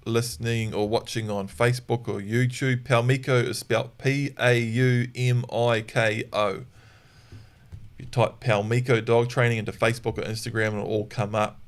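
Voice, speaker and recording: A man's voice: mid-range voice, steady tone, moderate pace. Man hosting a dog-training Q&A. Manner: demonstrates sharp corrective commands. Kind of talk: live Q&A podcast.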